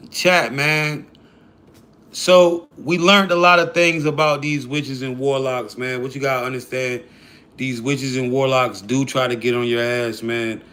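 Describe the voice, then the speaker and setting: A man's voice: a little high, fairly bright tone. A man hosting a livestream, chatting casually and slangily with his viewers. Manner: laid-back, slangy, addresses chat. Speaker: livestream host.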